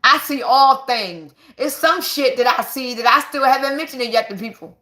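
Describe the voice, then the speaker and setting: A woman, giving an excited, emphatic spiritual monologue to her viewers and repeating herself for stress. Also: high-pitched, normal speed. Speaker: spiritual vlogger. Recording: echoey room.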